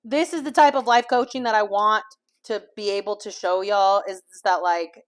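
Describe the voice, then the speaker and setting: A woman talks casually into a small clip-on mic while she preps food in a home kitchen. Her speech rambles and wanders, packed with fillers and a loose, frank habit of swearing. Her pitch sits at an ordinary middle range for a woman. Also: normal speed. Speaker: vlogger and life coach. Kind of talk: candid casual chat while cooking.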